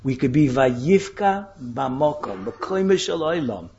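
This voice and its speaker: A man's voice: mid-range voice, very animated, takes it slowly, a little mellow, muffled recording, a little hiss or hum. A man giving an impassioned sermon, with dramatic rises into questions and Hebrew terms woven in. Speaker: rabbi giving a Torah talk.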